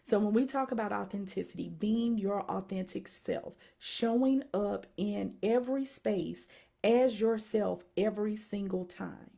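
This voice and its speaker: A woman in her thirties with a Southern American accent, a psychologist giving a lively live-stream announcement and calling out to her viewers as y'all. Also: mid-range voice, unhurried, creaky. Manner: energetic, repeatedly addresses audience as y'all. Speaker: psychologist and speaker.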